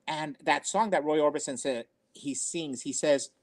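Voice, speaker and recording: An older man tells family stories in an earnest, rambling manner, circling back and repeating himself as he goes. His voice sits slightly on the high side. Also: moderate pace. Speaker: storyteller on a family talk show. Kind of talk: casual personal storytelling.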